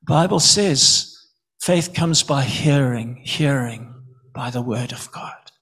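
A man's voice: mid-range voice, slow, fairly bright tone, slightly rough. A man from Zimbabwe, preaching an earnest sermon and often repeating words for emphasis.

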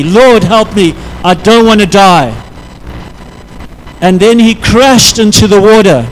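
A man preaching a sermon, telling a story in an earnest, halting way that often sinks to a quiet intensity. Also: high-pitched, slight background noise, low-quality recording.

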